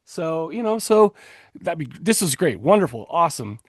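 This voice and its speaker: A man's voice: fairly high pitch, very animated, moderate pace, slightly rough, no echo, studio quality. A man co-hosting a casual podcast, joking and rambling with frequent restarts. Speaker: podcast co-host. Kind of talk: casual chat.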